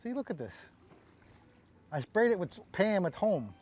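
A middle-aged man with a New York accent, chatting and joking while cooking outdoors on a boat, talking fast and mumbling his words together. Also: high-pitched, sing-song, over music. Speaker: co-host of a fishing channel. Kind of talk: casual chat while cooking.

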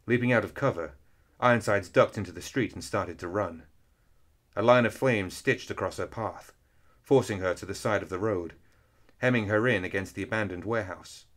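A man reading an action story aloud in steady, measured narration. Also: fairly low pitch. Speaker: audiobook reader. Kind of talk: scripted narration.

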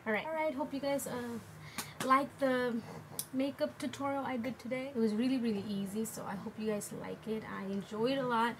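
High-voiced woman giving a makeup tutorial. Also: a little fast. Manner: relaxed, rambling, with many fillers. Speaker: makeup vlogger. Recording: noticeable background noise.

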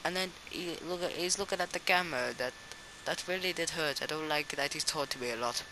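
A young man giving rambling, excitable comic voice-over narration about a backyard wrestling match, often stumbling and restarting. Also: on the high side, fairly quick, background noise.

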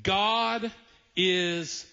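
A pastor with a Southern US accent preaching a sermon in a church, speaking emphatically and slowing down to stress key phrases. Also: male voice, high voice, steady tone, gravelly, pushed and bright, muffled recording. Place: church sanctuary.

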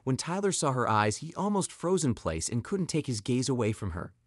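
Expressive male story narrator. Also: medium pitch, brisk, dry recording, studio quality.

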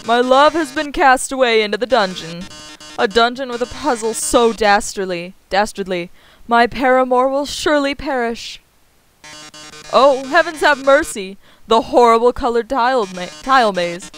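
A woman's voice: a little high, expressive, normal speed, fairly bright tone, soft background music, pitched above the performer's own voice, rough recording. A woman voicing a flamboyant, theatrical robot TV star in a game, melodramatic and gloating with cackling laughs. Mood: hammy gloating.

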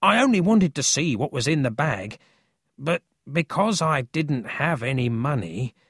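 A man's voice: a little high, very animated, unhurried, fairly bright tone, breathy edge, dry recording, studio quality, pitched above the performer's own voice, exaggerated voice. A man voicing a sly adult thief who talks in a meek, wheedling way.

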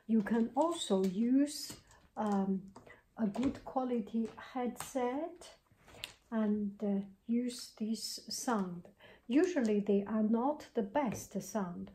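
A woman giving a soft-spoken ASMR tech tutorial at her home desk, talking haltingly and drifting into whispers, close on a handheld mic. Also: on the high side, a little hiss or hum. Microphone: close handheld mic with pop cover.

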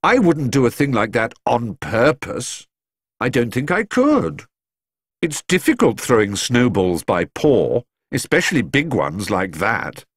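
A man's voice: mid-range voice, big pitch swings, unhurried, breathy edge, no echo, studio quality, voice pushed up, full character voice. A man voicing a polite, earnest young bear in a storybook reading, speaking in a raised, eager voice.

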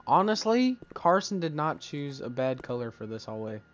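Young man, gameplay host, casual let's-play commentary, joking, slangy, middle pitch. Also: lively intonation, normal speed, a bit bright, slight background noise. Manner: joking, banter-filled, slangy.

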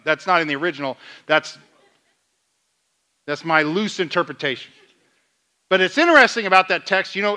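Man, pastor, sermon, high voice, bright tone, questions to the church. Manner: preaching with questions to the congregation and retold dialogue. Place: church sanctuary.

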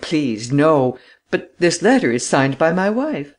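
A man's voice: on the high side, big pitch swings, slow, exaggerated voice. A man reading the part of an anxious aristocratic official who is evasive and frightened. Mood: uneasy.

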